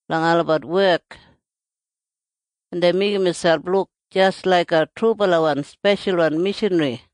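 In an Australian Kriol accent, a reader delivers scripture steadily and earnestly at a middle pitch. The recording is close and dry, with no room sound at all.

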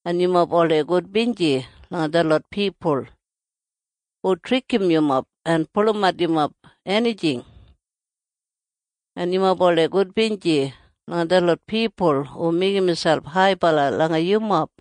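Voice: mid-range voice, moderate pace, dry recording. Earnest Australian Kriol scripture reader. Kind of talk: scripture reading.

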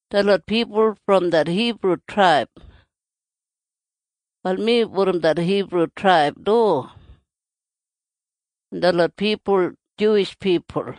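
A reader with an Australian Kriol accent, reading scripture aloud in a steady, earnest recitation. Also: medium pitch, no room sound.

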